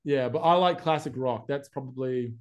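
A man's voice: mid-range voice, normal speed. A young man from Florida with a mixed American and Australian accent, chatting casually as an interview guest. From United States, Florida. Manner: relaxed, chatty, says "man" and "like" a lot. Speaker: guest, YouTube advertising specialist.

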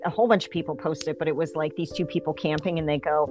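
A woman's voice: low-pitched, fast talker, music in the background. A woman co-hosting a podcast in casual chat, playful and bubbly. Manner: bubbly, playful, lively inflection. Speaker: podcast co-host.

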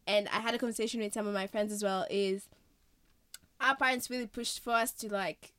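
A woman's voice: mid-range voice, brisk, no echo. A young woman from Kenya with a slightly Australian-tinged Kenyan accent, hosting a casual podcast chat and telling stories with acted-out quotes and frequent laughs. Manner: animated storyteller, acts out quotes, laughs often. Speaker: podcast host.

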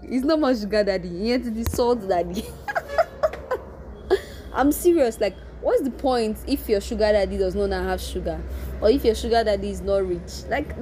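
A young woman in her twenties with a Nigerian accent, telling a personal story in a casual, animated way, laughing often and restarting her sentences. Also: medium pitch, slight background noise.

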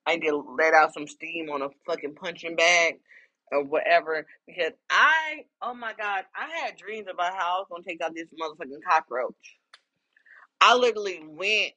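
A woman hosting her own podcast, ranting in a heated, profane, casual monologue and swearing constantly, sometimes nearly shouting. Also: fairly low pitch, moderate pace, lo-fi sound. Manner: raises voice to near shouting. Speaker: podcast host.

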